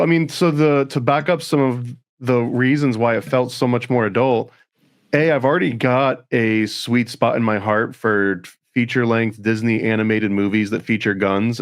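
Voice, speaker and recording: Wry deadpan podcast co-host. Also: male voice, medium pitch, no room sound, clean studio sound. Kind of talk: casual chat.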